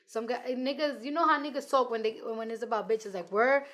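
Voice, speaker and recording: Brief: twenties New York woman rapper, slightly high voice, blunt and profane, animated storyteller. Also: quick pace. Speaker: rapper, interview guest. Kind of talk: casual interview chat.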